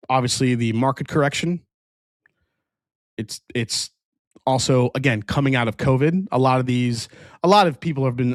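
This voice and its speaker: A man of middle pitch chats casually as he hosts a live review stream, rambling along and often restarting his sentences. The sound is dry and close, with no room around his voice. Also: dry recording. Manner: rambling, restarts often, reads chat aloud. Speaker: whiskey review livestream host. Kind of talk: casual livestream chat.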